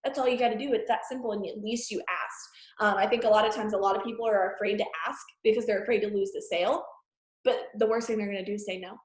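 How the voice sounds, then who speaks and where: A woman's voice: medium pitch, steady tone, fast. Cheerleading woman in an echoey room. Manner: effusive, cheerleading, emphatic. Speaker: team leader hosting the call. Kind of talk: motivational call with the team.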